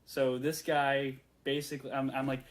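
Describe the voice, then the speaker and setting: A man in his late twenties telling a story in a rambling, excitable way, full of fillers and restarts. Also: mid-range voice, moderate pace. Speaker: vlogger. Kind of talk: casual storytelling rant.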